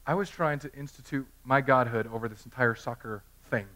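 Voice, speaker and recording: A man's voice: medium pitch, brisk, pushed and bright. A man in his thirties preaching a sermon in a conversational, self-deprecating way, telling personal stories. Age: 30s. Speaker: pastor.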